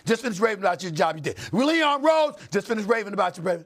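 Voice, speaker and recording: A man's voice: high voice, racing, a bit bright. A middle-aged man hosting a heated sports debate, fiery and emphatic, hammering points with repetition. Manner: fiery, emphatic, repeats phrases for effect. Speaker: host.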